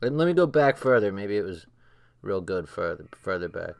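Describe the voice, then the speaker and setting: A man's voice: low-pitched, normal speed, gravelly, clear, resonant tone. An older man hosting a late-night livestream, laughing hard and swearing a lot as he reacts to a show. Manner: laughing, profane, excitable. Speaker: livestream host.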